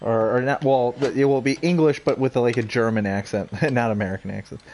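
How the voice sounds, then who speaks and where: A man hosting a let's play, talking casually over gameplay in a halting way with lots of fillers. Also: medium pitch, darkish tone, slight background noise.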